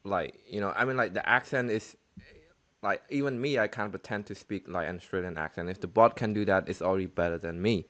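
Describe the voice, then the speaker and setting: A man's voice: low voice, fairly quick, a bit bright. A man hosting a casual call, asking loose, rambling questions full of fillers. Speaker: host. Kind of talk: casual video-call interview.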